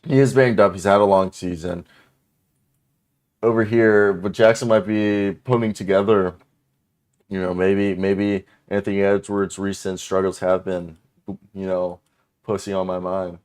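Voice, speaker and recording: A man's voice: deep voice, steady tone, a little slow, darkish tone. A man co-hosting a basketball podcast in casual chat, teasing and joking. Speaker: podcast co-host.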